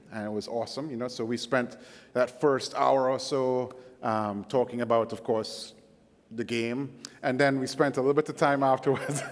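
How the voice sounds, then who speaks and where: A middle-aged man with a Caribbean accent, giving a casual, self-joking guest sermon full of fillers. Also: medium pitch. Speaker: guest preacher. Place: church sanctuary. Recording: long hall reverb.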